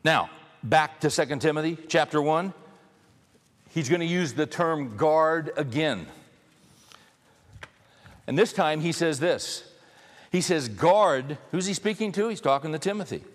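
A man preaching with a fairly high voice, pressing his points hard and repeating key lines for stress. He speaks straight to the congregation in a loose, conversational way. A long reverb trails his words around a large hall. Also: a little slow, long pauses. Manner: conversational, addresses the congregation directly. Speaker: pastor. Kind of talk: sermon.

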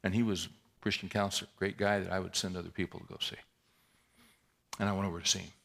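A man's voice: sits low, little pitch movement, fast talker, creaky, fairly bright tone. A man preaching, telling a personal story candidly and conversationally, with wry humor.

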